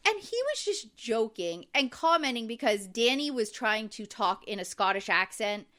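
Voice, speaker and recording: Recapping a reality show as a podcast co-host, this woman speaks in a slightly high, fairly bright voice with lively intonation at a moderate pace. The chat is casual and full of fillers, with "like" constantly and the occasional "um."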